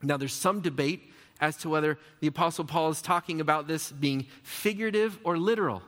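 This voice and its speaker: A pastor delivers a sermon in a conversational way, firing off rhetorical questions and restarting sentences as he goes. His voice sits a little high for a man. The sound rings with the long reverb of a big church hall. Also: a little fast, a bit bright.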